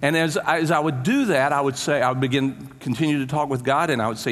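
A man's voice: medium pitch, fairly quick, few pauses, a bit bright, long reverb tail. A middle-aged man preaching a sermon as a pastor, telling a story with humor and putting questions to the congregation. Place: church.

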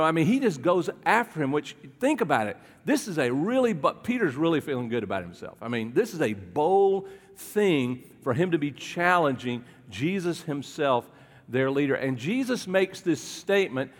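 A pastor preaching a conversational sermon, asking his congregation questions as he goes. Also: on the high side. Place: church hall with a congregation. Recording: long hall reverb.

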